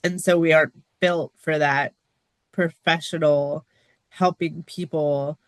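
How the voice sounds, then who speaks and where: Woman guest, earnest and open, dry close sound, expressive quoting of others. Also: slow, dry recording. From United States. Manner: earnest, open and expressive, with frequent small laughs; acts out quoted remarks with lively pitch jumps. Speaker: podcast guest. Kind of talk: casual interview talk.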